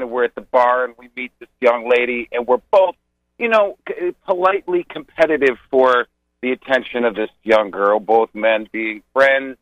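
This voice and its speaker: A man's voice: mid-range voice, a bit bright, no room sound, highs cut off. A man calling in to a radio show, telling a dating story in a friendly, joking way. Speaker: caller. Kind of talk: casual call-in storytelling.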